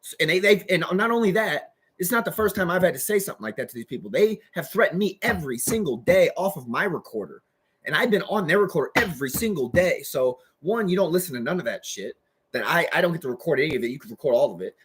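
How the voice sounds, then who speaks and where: A man's voice: fairly high pitch, lively intonation, quick pace, breathy edge. A man giving an agitated, rambling monologue as a vlogger, swearing heavily. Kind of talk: profane ranting monologue.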